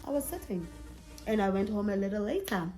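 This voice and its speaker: A young woman with a South African accent telling a personal story in a chatty, animated vlog, slipping in Sesotho phrases. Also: mid-range voice, brisk. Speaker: vlogger. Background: faint background music.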